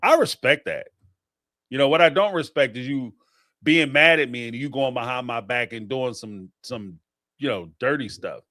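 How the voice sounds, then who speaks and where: A man hosting a show where he reacts to listener voicemails, talking in slangy, animated casual commentary and laughing often. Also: mid-range voice, normal speed, no room sound, studio quality. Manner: animated, laughing, slangy, talks back to the people he discusses.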